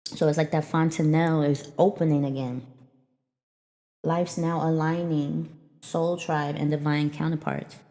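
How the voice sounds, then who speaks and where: Slow, mellow-voiced woman in echoey room. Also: low voice, flat delivery. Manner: rambling, loose and chatty, addresses viewers as y'all. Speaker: spiritual reader. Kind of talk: casual oracle reading to viewers.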